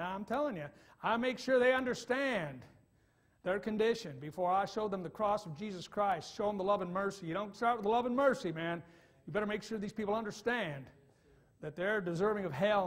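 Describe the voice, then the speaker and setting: A man from Michigan preaching in church, telling a story with quiet asides and loud bursts. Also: high-pitched. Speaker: evangelist preacher. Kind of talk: sermon storytelling.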